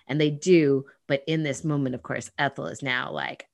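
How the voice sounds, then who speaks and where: A woman co-hosting a casual podcast chat, playful and quick to laugh. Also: low-pitched, fairly even intonation, gravelly. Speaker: podcast co-host.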